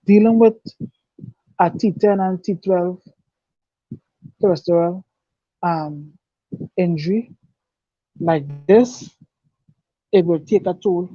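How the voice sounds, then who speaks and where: A man giving an earnest, halting personal testimony, repeating and restarting his words. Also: sits high, mellow, husky, no echo. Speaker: guest telling his life story. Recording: dull dry lo-fi recording.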